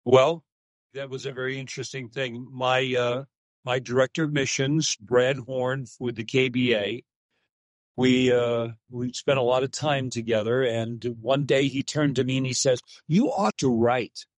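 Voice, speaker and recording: An older man, a retired pastor and author, answering interview questions over a remote call and speaking slowly with many pauses and restarts. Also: mid-range voice, flat delivery, no room sound. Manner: slow, halting, with many fillers and restarts. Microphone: video or phone call.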